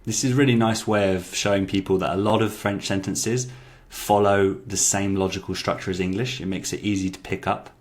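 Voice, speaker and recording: A low-voiced man talks casually through an app review, chatty and full of fillers. He repeats lines aloud before commenting on them. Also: fairly even intonation, fairly quick. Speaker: language-learning YouTuber.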